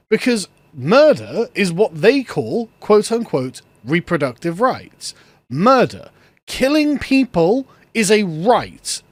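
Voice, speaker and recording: A sarcastic man with a notably high voice rants through a solo commentary, breaking into frequent laughter. His voice sounds close and dry, with almost no room sound around it. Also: no echo. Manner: sarcastic, ranting, laughs often. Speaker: political commentator.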